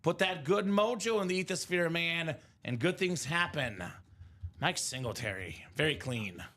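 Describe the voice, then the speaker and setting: This live stream host has an expressive, somewhat high and slightly bright voice with a measured pace. His upbeat commentary on the card break is full of chatty, enthusiastic talk about football players and hits.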